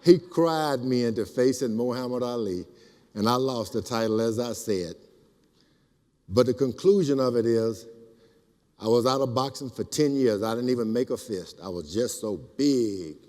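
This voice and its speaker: An older man telling animated stories at a speaking event, acting out the voices in his quotes. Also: medium pitch, normal speed. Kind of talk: storytelling speech. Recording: reverberant hall.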